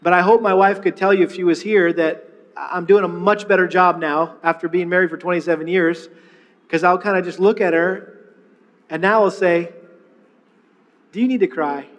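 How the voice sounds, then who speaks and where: A middle-aged man preaching a sermon, telling a personal story with lively retellings and frequent restarts. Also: high-pitched, normal speed, big-room sound. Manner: storytelling, animated, with many restarts. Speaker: pastor.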